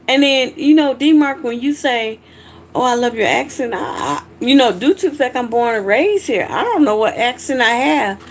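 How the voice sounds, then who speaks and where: A middle-aged woman from Georgia, speaking with a Southern accent, hosts a casual livestream where she talks plainly with viewers and answers their comments. She sounds high-pitched and very animated yet unhurried, with a little hiss or hum.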